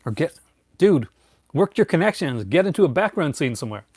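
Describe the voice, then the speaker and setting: A man's voice: a little high, very animated, fairly quick, darkish tone, husky, dry recording, clean studio sound. A middle-aged man hosting a casual live chat, rambling with many fillers and restarts and chuckling often. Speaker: host.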